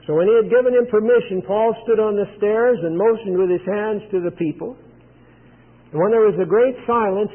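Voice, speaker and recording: A man preaching a sermon, retelling a scripture scene in plain storytelling with frequent pauses. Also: high voice. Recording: tinny phone-like sound with long hall reverb.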